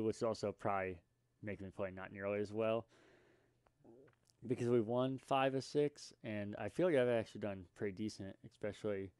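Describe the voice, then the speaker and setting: A man's voice: lowish voice, darkish tone, clear, resonant tone, dry recording. A young man hosting a casual solo podcast, rambling and self-deprecating with lots of fillers and restarts. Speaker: podcast host.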